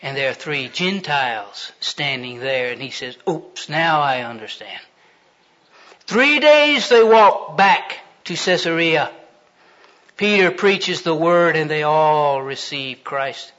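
In a dull, lo-fi recording, a man preaches slowly with a fairly high, sharp-toned voice. His sermon is folksy and humorous, and he performs different voices as he retells stories.

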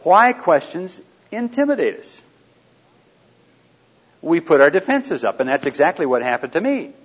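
A man teaching a live audience in a conversational way, asking them questions and dropping into quiet asides. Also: fairly high pitch, big pitch swings, moderate pace, slightly rough. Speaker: seminar speaker. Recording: dull lo-fi recording.

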